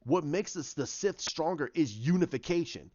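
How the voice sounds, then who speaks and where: A man voicing a scheming ancient male dark lord who lectures in a slow, deep, commanding way. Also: expressive, muffled recording. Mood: menacing.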